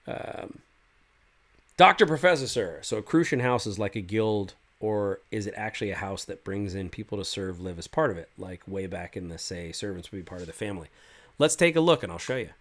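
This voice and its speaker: A man's voice: lowish voice, fairly bright tone. A man hosting a casual livestream as game master, reading viewer comments aloud and answering them in a loose, rambling way. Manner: loose and rambling, with many fillers and restarts. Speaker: game master and stream host.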